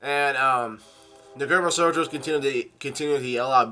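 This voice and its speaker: Bright-voiced man casually reading a comic. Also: medium pitch, steady tone, faint music behind. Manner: halting, lots of fillers and restarts, coughs. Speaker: comic reader. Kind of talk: casual comic read-through with commentary.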